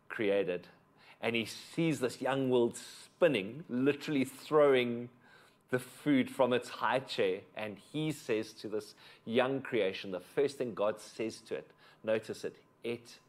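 A man preaching a sermon as a pastor, moving between emphatic points and hushed, intimate passages. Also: mid-range voice.

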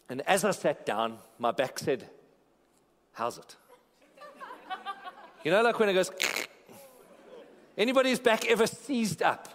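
A man preaching a sermon as a pastor, telling a story in a playful way and joking with the congregation. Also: mid-range voice. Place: large church auditorium. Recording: long hall reverb in a church auditorium.

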